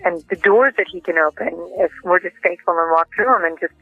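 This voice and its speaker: A woman's voice: on the low side, fairly quick, dry recording, faint music behind. A woman telling stories down a phone line. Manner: lively anecdotes with acted-out quotes. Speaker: interview guest. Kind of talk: casual interview storytelling.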